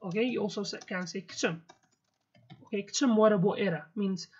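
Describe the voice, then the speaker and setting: This woman's husky, slightly mellow voice has a medium pitch and normal speed, with a Kurdish accent from a native Kurdish speaker. Teaching vocabulary in a casual video lesson, she explains each word individually, repeats terms, and uses many fillers and "okay"s, in dull lo-fi audio.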